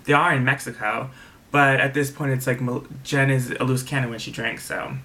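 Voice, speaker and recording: A man's voice: mid-range voice, steady tone, normal speed, bright, forceful tone. A man casually recapping a reality TV episode, candid and opinionated, swearing freely and repeating himself for emphasis.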